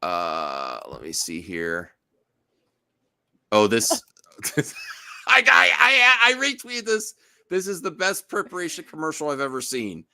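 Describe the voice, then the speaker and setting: Chatty bright-voiced male podcast host. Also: a little high, huge pitch swings, slow, gravelly, long pauses. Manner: rambling, self-interrupting, laughs often. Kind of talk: casual chat.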